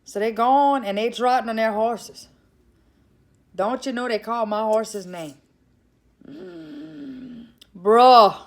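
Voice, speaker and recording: A woman with a Cajun Louisiana accent telling a comic story in a casual, animated way, calling her listeners "y'all". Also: fairly high pitch, a little slow.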